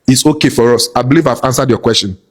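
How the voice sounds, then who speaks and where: A man's voice: medium pitch, fast talker, husky. A man from Nigeria with a Nigerian accent, talking animatedly to his followers and acting out little scenes. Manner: animated, storytelling, acts out dialogue. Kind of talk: casual monologue to followers.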